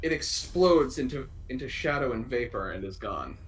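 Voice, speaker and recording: A man acting as game master of an online tabletop game, narrating casually with halting restarts. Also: mid-range voice, big pitch swings, soft background music. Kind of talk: running a tabletop game over voice chat.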